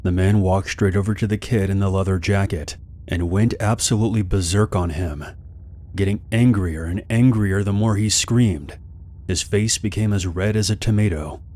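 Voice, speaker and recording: A man narrating a scary story in a calm, steady, scripted manner. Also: low voice, normal speed.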